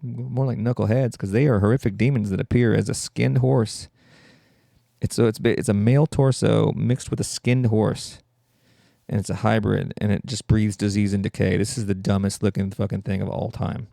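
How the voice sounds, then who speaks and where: A man's voice: fairly low pitch, fairly even intonation, moderate pace, creaky, mellow, no echo, studio quality. A man hosting a podcast, riffing through a rambling, profane comedic monologue and interrupting himself constantly. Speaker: podcast host.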